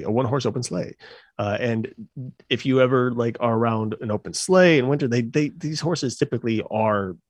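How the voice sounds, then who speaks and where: A man's voice: medium pitch, no room sound, studio quality. A man co-hosting a casual podcast, rambling through explanations with fillers and laughing easily. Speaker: podcast co-host.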